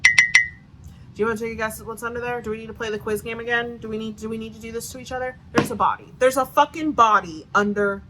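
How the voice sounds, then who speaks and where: A woman's voice: fairly high pitch, steady tone, fast, heavy background noise. A woman with a Southern US accent giving a sarcastic, profanity-filled book review rant with lots of "like" fillers. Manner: sarcastic, swears a lot, many "like" fillers.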